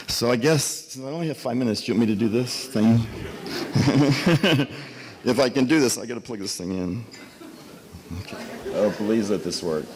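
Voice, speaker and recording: A man's voice: mid-range voice, normal speed, long pauses, a little mellow. A man, a hospital architect, speaking at a fundraising banquet in a hotel hall, telling an anecdote and acting out the dialogue with growing emotion. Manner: storytelling, acts out the dialogue, grows emotional. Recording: long reverb of a large hall.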